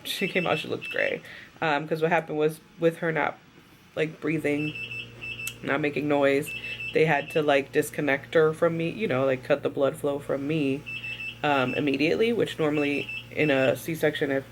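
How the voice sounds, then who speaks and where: Tired young woman chatting, slightly gravelly. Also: deep voice, level tone, moderate pace, noisy background. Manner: chatty, rambling with many fillers. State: tired and drowsy after surgery. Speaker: vlogger. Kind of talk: casual storytelling vlog.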